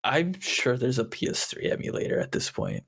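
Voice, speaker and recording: A man co-hosting a podcast in casual chat, animated and joking, swearing casually. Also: medium pitch, normal speed, creaky, breathy edge. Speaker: podcast co-host.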